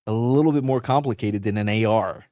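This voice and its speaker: A man's voice: fairly low pitch, brisk, warm tone, no echo. A man in his thirties hosting a podcast, telling rambling, profane stories in casual chat. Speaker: podcast host.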